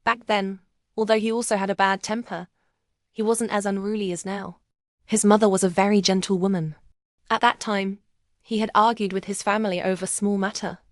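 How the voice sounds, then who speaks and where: A woman narrating a first-person romance story in a calm, emotional storytelling manner. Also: mid-range voice, normal speed, no echo, studio quality.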